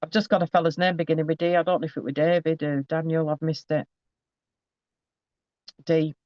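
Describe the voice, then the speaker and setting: A man gives a psychic reading in a fairly high, chatty voice. He often trips and restarts mid-phrase as he relays messages. The recording is dry and slightly muffled. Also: flat delivery, brisk, darkish tone, no echo. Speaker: psychic medium. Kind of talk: live spirit reading to a sitter.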